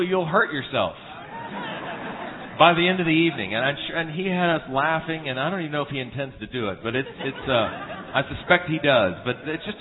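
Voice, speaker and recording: A man preaching at a church conference, earnest and humorous, telling homespun stories with frequent restarts. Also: on the high side. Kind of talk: sermon with anecdotes. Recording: tinny phone-like sound in a reverberant hall.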